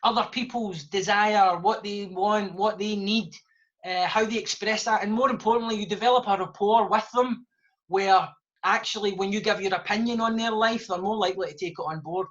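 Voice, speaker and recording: A man's voice: high voice, moderate pace, fairly bright tone. A Scottish man, a guest author, talking fluently and passionately in a live podcast discussion. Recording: dull lo-fi sound.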